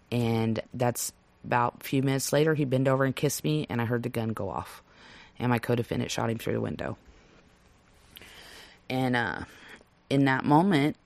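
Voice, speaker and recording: A woman recounting her life in an interview, halting and restarting often and stretching out key words. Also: a bass voice, no room sound. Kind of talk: personal testimony.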